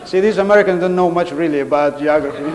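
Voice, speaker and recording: A contest speaker whose first language is Arabic gives a humorous public speech, telling comic stories to a live audience and acting out his characters' voices. His voice is fairly high and quick, with background noise, a stage microphone, and long reverb from a big hall.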